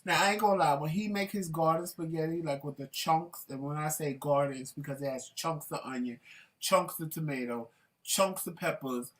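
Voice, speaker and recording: A woman co-hosting a casual chat show, telling stories in an animated, outspoken way. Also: deep voice, moderate pace, distant mic. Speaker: talk show co-host.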